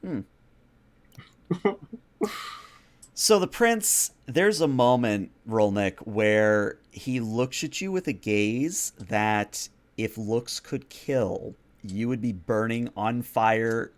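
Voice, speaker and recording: Calm low-voiced male game master. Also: takes it slowly. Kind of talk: narrating a tabletop game.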